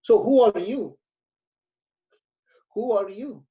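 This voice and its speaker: A man's voice: high-pitched, takes it slowly, dark tone, pitched above the performer's own voice, rough recording. A man voicing a humbled king who urgently questions a sage. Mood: awed questioning. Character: humbled male king, awed and pleading.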